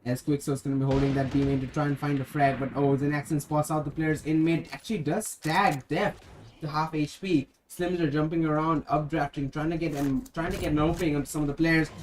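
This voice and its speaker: An esports caster rattles off play-by-play calls at a brisk clip. The voice leaps up on big plays and falls to a low, offhand tone for asides and self-corrections. A faint background noise sits under the commentary. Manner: rapid game calls with excited rises on kills; drops to a low aside when correcting himself.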